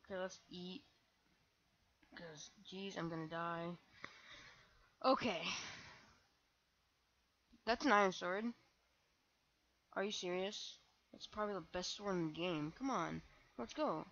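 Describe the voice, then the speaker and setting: A young woman commenting on her own gameplay, excitable and self-mocking, breaking into shrieks when panicked. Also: lowish voice, slow, long pauses, muffled recording. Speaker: gaming channel host.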